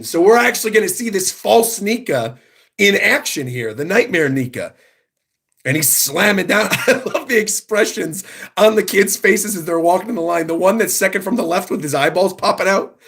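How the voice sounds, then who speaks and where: Streamer host, male, slightly high and husky voice, enthusiastic reaction commentary. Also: normal speed, fairly bright tone. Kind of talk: livestream reaction, reading manga aloud.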